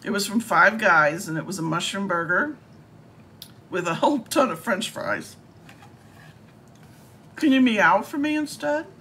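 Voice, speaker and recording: A woman's voice: mid-range voice, animated, unhurried, pauses often, pushed and bright, slight background noise. A woman live-streaming while baiting a scammer, talking in a teasing, theatrical and playful way. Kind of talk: casual live-stream talk.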